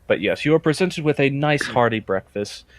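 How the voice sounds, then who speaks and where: A man's voice: mid-range voice, normal speed, dry recording. Laid-back man narrating a tabletop game. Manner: relaxed, chatty narration full of fillers. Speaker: game master.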